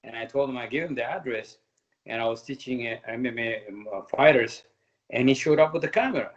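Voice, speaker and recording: Ethiopian accent guy, halting english, kinda dull muffled audio. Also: mid-range voice. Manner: halting, non-native English with slow stretched phrases. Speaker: guest, former Olympic boxer and coach. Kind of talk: casual interview.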